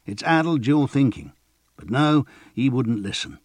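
A man voicing a gruff older male retainer who scolds and grumbles, in a storybook reading. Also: mid-range voice, expressive, unhurried, dry recording, voice pushed up. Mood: scolding.

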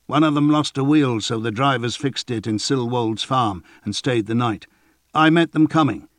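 A man voicing a brisk, chatty male friend, in a storybook reading. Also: mid-range voice, no room sound, clean studio sound, close to an everyday voice.

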